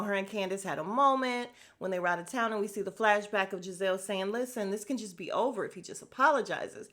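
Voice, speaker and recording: A woman with a medium-pitched voice hosts a podcast, recapping a reality show in a casual, animated and profane style. She laughs often and speaks into a podcast microphone.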